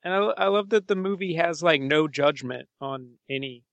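A man's voice: on the high side, moderate pace, vocal fry, a bit bright, dry recording. A man co-hosting a podcast, chatting casually about a film with lots of fillers and easy laughs. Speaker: podcast co-host.

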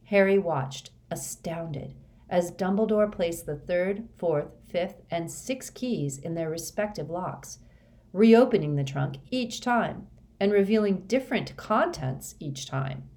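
A woman reading a story aloud as narrator, in a steady, measured way. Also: lowish voice. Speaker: audiobook reader.

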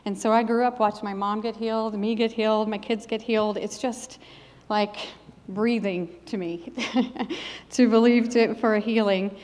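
A middle-aged woman's sermon includes her own testimony, delivered with earnest emphasis and a preacher's rhythm. Her medium-pitched voice stays steady and a little mellow at a moderate pace, ringing with long church-hall reverb.

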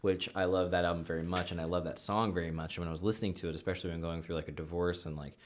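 Low-voiced man telling rambling stories. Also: level tone, racing. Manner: rambling storyteller, acts out quotes. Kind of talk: casual chat.

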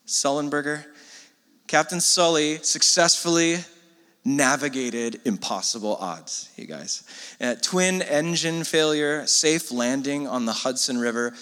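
A man preaching in a relaxed, chatty sermon style, turning to the congregation with quick asides. His voice is bright and sits fairly high, and the sound rings with the long reverb of a large hall. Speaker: pastor.

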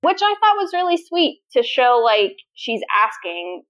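A woman's voice: high-pitched, sing-song, measured pace, a bit bright, lo-fi sound. A woman co-hosting a podcast, chatting casually and animatedly retelling scenes with laughter. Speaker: podcast co-host. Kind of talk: casual chat.

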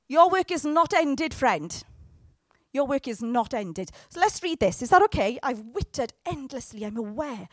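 A high-voiced woman delivers a sermon in a lively, conversational way. She mixes joking asides with sudden loud bursts. The sound is close and dry, with no room echo. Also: moderate pace. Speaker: preacher.

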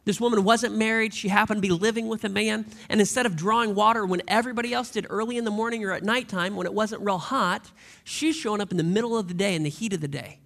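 Male pastor, high voice with gravel, preaching conversationally and leaning on rhetorical questions. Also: fast talker, a bit bright. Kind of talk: sermon.

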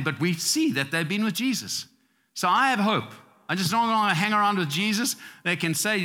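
A man raised in Zimbabwe delivers a sermon from the pulpit, his voice bright, forceful and a touch high. He talks in a loose, conversational way, chuckling and restarting his phrases. The sound rings with the long reverb of a church sanctuary. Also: expressive, brisk. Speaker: pastor.

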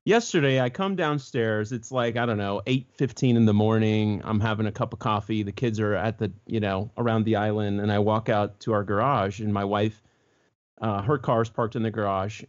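Animated storytelling man, muffled audio. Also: on the low side. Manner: animated, jumps into voices when quoting others. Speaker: co-host. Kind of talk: casual storytelling chat.

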